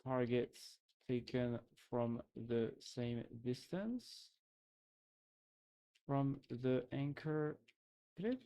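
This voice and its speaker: A man's voice: mid-range voice, drawn-out words, pauses often, warm tone, clean tone. A man from France with a French accent, chatting casually on a live stream and thinking aloud with lots of fillers.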